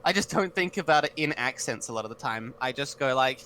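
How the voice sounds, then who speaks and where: A man's voice: mid-range voice, expressive, fast talker, hardly any pauses, pushed and bright, slight background noise. A man, chatting casually as a podcast co-host and thinking aloud as he talks. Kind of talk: casual online podcast chat.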